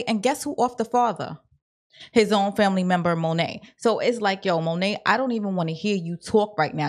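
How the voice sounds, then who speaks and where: A woman giving a casual, opinionated recap of a TV episode, talking in slang and acting out the characters' lines. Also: medium pitch. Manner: opinionated and blunt. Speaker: TV recap vlogger.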